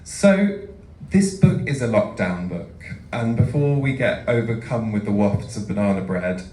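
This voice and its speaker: A man with a low voice interviews an author onstage and keeps the talk moving with short prompts. He sounds distant. An echoey hall surrounds him. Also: animated, unhurried. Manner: warmly prompting, brief interjections. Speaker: event interviewer. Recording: roomy hall, mic far off.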